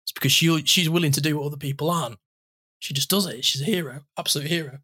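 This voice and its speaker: A tearful man in his thirties with a slightly high voice, speaking heartfelt and emotional in a podcast chat. He sounds close to tears as he goes on. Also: fast talker, bright, forceful tone, slightly rough. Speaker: podcast host.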